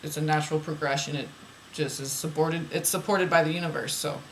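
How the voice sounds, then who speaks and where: A woman's voice: low voice, steady tone, a little fast, a little hiss or hum, low-quality recording. A woman reading oracle card messages aloud, then musing about them in loose, rambling asides that repeat phrases.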